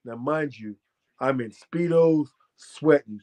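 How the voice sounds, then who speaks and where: An American man, a former fighter, telling a profane, boastful story as a guest and breaking into loud shouted quotes. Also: medium pitch, moderate pace. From United States. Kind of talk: animated storytelling.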